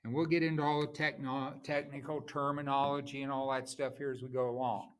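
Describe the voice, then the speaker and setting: A man teaching a class, explaining terms slowly and reading out examples with marked stress. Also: mid-range voice, little pitch movement, clear, resonant tone. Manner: slow, explanatory, reads examples aloud with stress. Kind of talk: classroom lecture.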